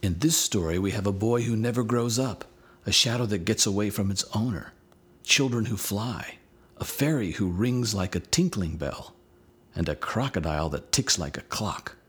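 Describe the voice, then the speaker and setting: Man, lesson narrator, husky, low, animated, storybook read-aloud. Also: normal speed. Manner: animated, expressive reading. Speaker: teacher, storyteller.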